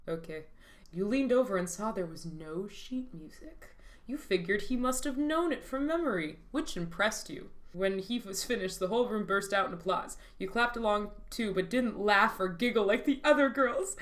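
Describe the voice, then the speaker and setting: A woman reads fanfiction aloud for laughs, giving the dialogue big theatrical lines and breaking off into dry commentary. Her voice sits at an ordinary middle pitch, and she keeps slipping into laughter at the text. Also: fairly bright tone. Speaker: host reading fanfiction aloud. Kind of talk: comedic dramatic reading with asides.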